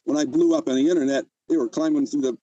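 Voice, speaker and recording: A man's voice: a little high, steady tone, fast talker, mellow, no room sound, dull audio. An older man telling his own story in an emotional interview, agitated and often repeating himself. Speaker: interview guest.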